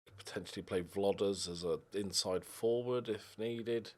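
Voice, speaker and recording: A man's voice: fairly low pitch, normal speed. A young man giving casual commentary while playing a football management game, talking to his players on screen. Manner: animated, talks to the players on screen, yelps in frustration. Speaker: gaming YouTuber. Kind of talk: casual let's-play commentary.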